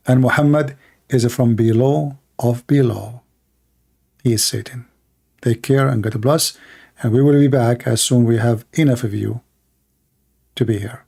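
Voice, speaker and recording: Gravelly-voiced man preaching with fervor. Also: mid-range voice, fairly even intonation, measured pace, long pauses, darkish tone. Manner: fervent, declarative, in short emphatic phrases. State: losing his voice. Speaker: livestream host. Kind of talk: impassioned preaching monologue.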